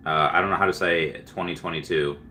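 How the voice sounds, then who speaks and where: Guy on a livestream just chatting and rambling, lots of uhs and likes, lowish voice but bright and punchy. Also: steady tone, fairly quick, slight background noise. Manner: rambling, filler-heavy storytelling. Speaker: livestream host. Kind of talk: casual livestream chat.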